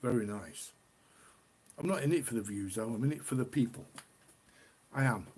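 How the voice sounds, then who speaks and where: A man's voice: mid-range voice, moderate pace, a little mellow, husky. A middle-aged man from the UK hosting a casual beer live stream, chatty and rambling, often repeating himself. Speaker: beer livestream host.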